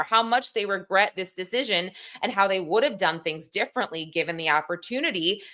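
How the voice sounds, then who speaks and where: Bright, chatty woman livestream host. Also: mid-range voice. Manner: chatty, reads the chat aloud, laughs at herself. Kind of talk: casual livestream commentary.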